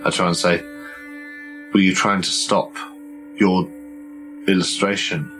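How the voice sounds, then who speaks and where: A man's voice: deep voice, flat delivery, measured pace, fairly bright tone, soft background music, poor audio. A man playing a tabletop horror game, talking earnestly and hesitantly as he thinks aloud. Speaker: player.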